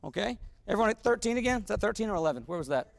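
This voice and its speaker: In a big rehearsal hall, a conductor with a high, expressive voice and vocal fry races along, instructing his wind band on phrasing. He sings the rhythms on syllables, picked up by a wireless body mic amid long reverb and band music.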